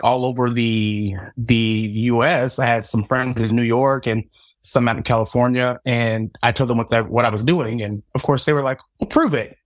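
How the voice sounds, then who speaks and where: A man's voice: medium pitch, no echo, studio quality. A man in his thirties from Southern Indiana, a guest telling his story as a psychic reader, acting out the dialogue with self-mocking humor. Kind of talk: storytelling in casual interview.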